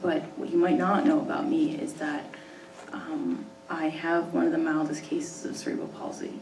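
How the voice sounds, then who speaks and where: A woman puts on a nervous teenage boy who stammers quietly through a class speech. He speaks in a hushed, halting voice. The sound carries the echo of a large room, caught by a mic well away from the stage. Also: sits low, little pitch movement, a little hiss or hum, pitched below the performer's own voice. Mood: shaky, hushed. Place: stage in an arts center hall. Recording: roomy hall, distant mic.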